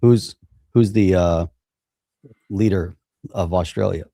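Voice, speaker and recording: A man with a low, mellow voice, co-hosting a relaxed conversation. He asks questions and answers with quick agreements, and the recording sounds dry and close. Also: creaky, no echo. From United States. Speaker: co-host. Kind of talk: casual chat.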